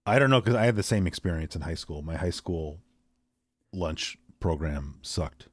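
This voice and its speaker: A man's voice: deep voice, lively intonation, moderate pace, breathy edge, no echo. A man co-hosting a podcast in casual chat, talking loosely and leaning on "like" and "you know". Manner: chatty, leans on "like" and "you know". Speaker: podcast co-host.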